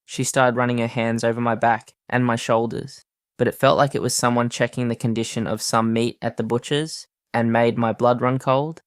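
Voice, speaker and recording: A man voicing a nervous male staffer hired for a royal tour, recounting it deadpan. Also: medium pitch, moderate pace, smooth, no echo, clean studio sound, voice pushed up, close to an everyday voice. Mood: uneasy.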